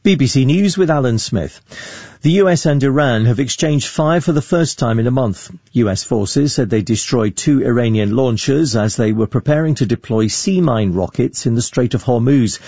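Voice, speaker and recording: A man reading a radio news bulletin in a measured, formal way. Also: medium pitch, mellow, slightly rough, no echo, lo-fi sound. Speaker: newsreader.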